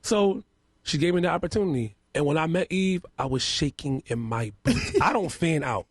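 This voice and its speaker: A man being interviewed on a radio show in a studio, telling stories about his work with lively energy and acting out what people said. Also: a little high, a little fast, husky, no room sound. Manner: animated storyteller, acts out quotes loudly. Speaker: makeup artist and house mother, guest.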